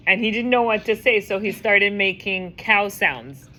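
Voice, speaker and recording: A woman teaching a class, telling a story in a lively, chatty way and acting out the voices. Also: medium pitch, normal speed, a little hiss or hum. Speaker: teacher leading a women's class. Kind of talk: casual storytelling lesson.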